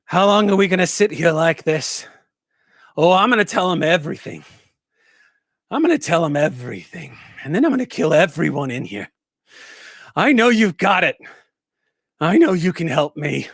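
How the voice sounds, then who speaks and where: A man's voice: fairly high pitch, very animated, moderate pace, vocal fry, pauses often, a bit bright, no room sound, studio quality, pitched above the performer's own voice, full character voice. A man voicing a threatening woman hostage-taker speaking over a facility intercom, taunting and making threats. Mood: menacing.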